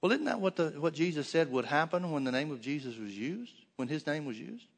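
A man's voice: a little high, big pitch swings, a little fast, big-room sound. A man teaching a sermon, reading Bible verses aloud and explaining them in plain talk with frequent restarts. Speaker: preacher.

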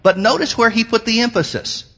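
Preaching as a pastor, a middle-aged man speaks briskly in an extremely high, slightly bright voice. He stresses his points with mounting emphasis before slipping into a rambling, filler-laden personal story.

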